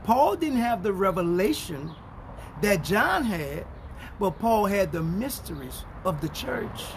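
A man preaching as a pastor in a street-style Bible teaching, swinging between low mutters and shouted bursts and reading scripture slowly and emphatically. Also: sing-song, background noise.

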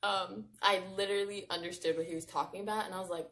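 A young woman in her twenties speaks to her viewers in a personal vlog, her voice catching as she fights back tears. She rambles warmly and sprinkles in casual fillers. Her pitch sits in an ordinary middle range for a woman. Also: steady tone, fast talker, hardly any pauses, slight background noise. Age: 20s. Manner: heartfelt, rambling, many fillers like "like" and "literally". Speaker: vlogger.

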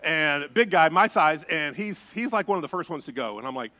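A male pastor preaching a sermon, telling a story with lively turns and hushed, suspenseful drops. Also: fairly high pitch, a little fast.

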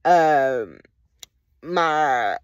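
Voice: medium pitch, lively intonation, very slow, no room sound, highs cut off. A vlogger talking through a casual, rambling reflective monologue full of slang, swearing and frequent laughter.

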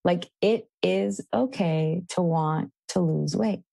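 Low, gravelly woman podcast host. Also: slow, warm tone, no echo. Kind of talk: casual interview talk.

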